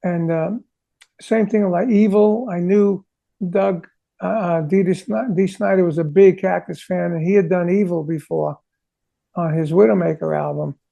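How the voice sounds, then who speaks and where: A man with a high, deeply gravelly voice recounts studio stories to an interviewer. His tone is dark and mellow, and he tells things in an animated way, acting out what people said to him. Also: normal speed. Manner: animated, sings drum parts vocally; acts out quoted conversations. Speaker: rock drummer, interview guest. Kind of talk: casual storytelling interview.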